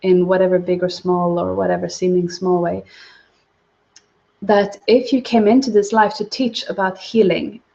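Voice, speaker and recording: Woman w a gravelly voice doing a spiritual livestream talk, soft n calm, kinda muffled lo-fi sound. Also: fairly low pitch, normal speed. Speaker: spiritual teacher. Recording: dull lo-fi livestream audio.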